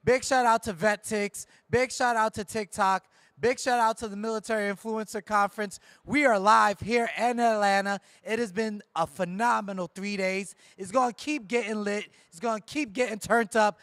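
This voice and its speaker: A man hosting at a live conference stage, giving loud, playful shout-outs and jokes like a hype man. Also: high-pitched, steady tone, normal speed, dry recording, clean studio sound. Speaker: event host.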